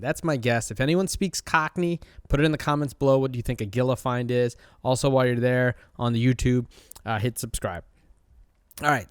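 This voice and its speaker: A man recapping a show in a loose, rambling chat, full of "uh" and "um". His pitch sits in the middle for a man. The sound is close and dry, with no room echo. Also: clean tone. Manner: chatty, rambling, with many fillers. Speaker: host. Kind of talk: casual episode recap.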